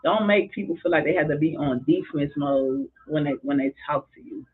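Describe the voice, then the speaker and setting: This woman, a school drumming therapist and basketball coach, speaks passionately and expressively in a casual podcast chat. Her voice is low-pitched and a little fast with a breathy edge, and the recording sounds tinny, like a phone.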